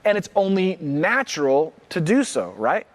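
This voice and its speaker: A male pastor preaching a livestreamed sermon with no congregation present, acting out worried reactions and repeating key lines slowly for emphasis. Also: high voice, sing-song. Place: church, livestreamed without congregation.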